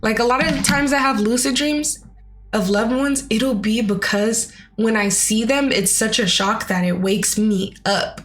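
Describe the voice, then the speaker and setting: A woman's voice: on the high side, measured pace, a bit bright, soft background music. A young woman telling a personal story in a casual, chatty way, with lots of "like" and "you know.". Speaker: vlogger.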